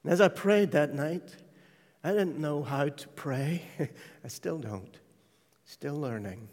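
Guy giving a sermon, long echo like a big church hall, goes soft and hushed then loud when quoting people. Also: a little high, slow pace. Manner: testimony told with hushed, tender passages and sudden loud acted quotes. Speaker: preacher. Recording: large hall reverb.

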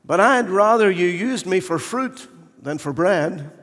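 A man's voice: high voice, animated, a little slow, fairly bright tone, pitched above the performer's own voice. A man voicing a polite but choosy carved wooden bowl in a poem read from the pulpit. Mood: fussy. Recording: echoey church hall.

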